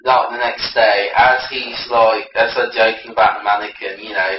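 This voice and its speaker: A man's voice: on the low side, flat delivery, normal speed, faint music behind. A man retelling a film's plot in a rambling casual way, full of fillers. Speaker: podcast co-host. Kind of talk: casual film recap. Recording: roomy, distant, dull recording with faint hiss.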